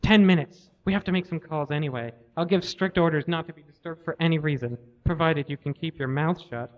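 Casting: calm wry male president, low murmuring delivery, read by a man, lo-fi live tape. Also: a little fast, lightly acted. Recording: lo-fi live recording.

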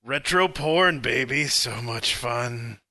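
A man's voice: medium pitch, slow pace, bright, forceful tone, no echo, studio quality. A man reading a game review aloud for laughs in a drawling, relishing way, as a comedy podcast co-host.

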